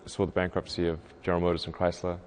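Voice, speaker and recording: Halting man with a very low voice. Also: monotone, slight background noise. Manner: halting, with many restarts and fillers. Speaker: interviewee, entrepreneur. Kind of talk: interview answers.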